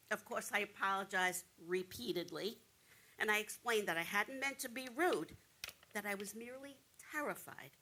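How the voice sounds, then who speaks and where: An actress playing a frightened, angry woman patient on stage, telling of a rude doctor and swinging between hushed whispers and loud outbursts. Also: mid-range voice. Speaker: stage actor playing a breast cancer patient. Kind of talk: theatrical monologue.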